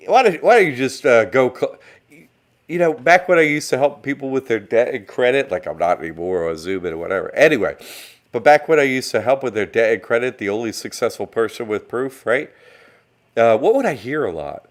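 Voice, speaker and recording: A man's voice: mid-range voice, animated, brisk. A man hosting a live-streamed online class, rambling and conversational as he greets chat viewers. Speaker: online course host.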